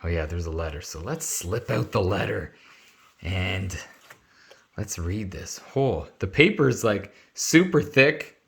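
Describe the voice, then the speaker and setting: A man hosting his own channel, talking excitedly and emotionally to viewers while he unboxes an award. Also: deep voice, takes it slowly, gravelly. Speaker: sports channel host. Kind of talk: casual unboxing vlog.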